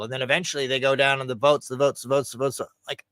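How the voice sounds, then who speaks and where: A man's voice: mid-range voice, racing, few pauses, a bit bright, no room sound. A middle-aged man from the United States giving ranting political commentary, profane and sarcastic, acting out the people he quotes. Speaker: show host.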